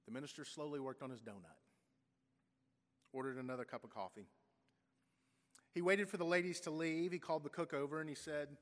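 A man's voice: fairly high pitch, brisk, a bit bright. A man, a pastor, tells a story in a sermon, briefly voicing its people. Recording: long church reverb.

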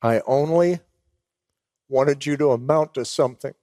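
A man voicing his dying elderly father, low and quiet, with stern and tender words. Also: measured pace, dry recording, studio quality, natural voice. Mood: weak, tender.

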